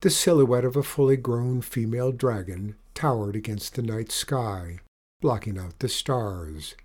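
Husky male storybook narrator. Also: mid-range voice, measured pace. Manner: expressive, dramatic reading.

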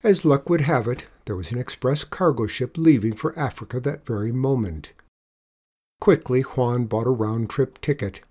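A man reads a children's storybook aloud, gentle and measured, at a middling pitch. His delivery is even and unhurried. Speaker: narrator. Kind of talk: storybook reading.

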